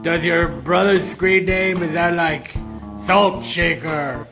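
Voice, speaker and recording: A man co-hosting a comedy show, reading out listener shout-outs with teasing jokes. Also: on the high side, slow, over music. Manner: wisecracking, teasing. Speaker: co-host.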